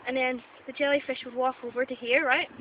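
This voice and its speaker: A woman's voice: high voice, little pitch movement, fast. A Northern Irish woman playing a mock expert, rambling playfully and tagging "right?" onto her points. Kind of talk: improvised mock documentary. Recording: dull lo-fi camera audio with loud background noise.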